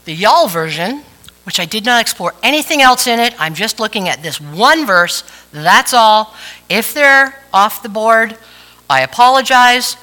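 A woman's voice: medium pitch, pushed and bright, poor audio. A woman preacher giving a chatty, playful sermon with asides to the congregation. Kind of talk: conversational sermon.

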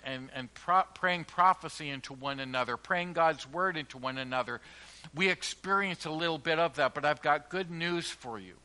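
A man preaching a sermon in a church, earnest and emphatic, slowing down to stress key phrases and letting line endings drop quietly. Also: a little high. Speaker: pastor.

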